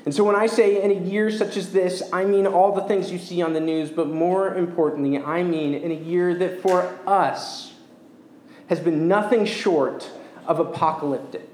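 A man preaching a sermon as pastor, earnest and measured, slowing down to stress key words. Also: high-pitched, steady tone, darkish tone. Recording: echoey church room.

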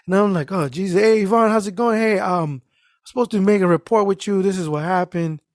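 Here the guest storyteller speaks with a high-pitched voice, going a little fast. Chatting casually about something from work, he swears liberally and animatedly imitates the people in the story. The sound is clean studio audio without any room sound.

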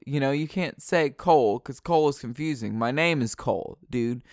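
Solo podcast host, man: slow, smooth voice, rambling and playful, dry bedroom sound. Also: medium pitch, expressive, no room sound. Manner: playful, rambling, repeats words, drifts from the mic. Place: his bedroom.

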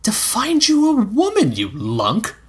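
Man doing a cheeky boy squire, pitched high, bouncy and pushy, a bit husky. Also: wildly swooping pitch, a little slow, heavily acted. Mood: teasing. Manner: needling, teasing.

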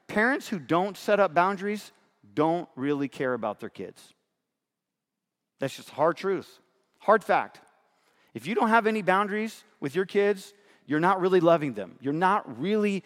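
Pastor, male, middle-aged: earnest, emphatic sermon delivery with a slightly high voice and long hall reverb. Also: lively intonation, moderate pace, fairly bright tone. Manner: earnest, emphatic, often checks in with "right?".

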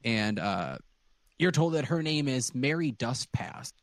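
Game master narrating, loose and searching. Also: male voice, mid-range voice, very animated, measured pace, dry recording. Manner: loose, searching, many restarts.

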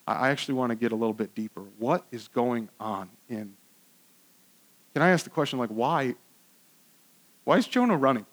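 A pastor preaching a sermon in a conversational, earnest way, with frequent restarts and swings between loud emphasis and hushed asides. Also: male voice, medium pitch, lively intonation, moderate pace, long pauses.

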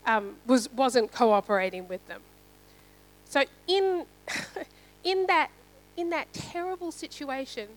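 A woman's voice: sits high, rough recording. A woman preaching a sermon in a conversational way, often checking in with "right?". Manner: conversational, asks "right?" often, some fillers.

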